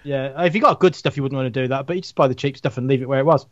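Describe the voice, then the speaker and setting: A British man, a podcast guest, chatting casually with a teasing, deadpan streak. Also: medium pitch, rapid-fire, no echo, muffled recording.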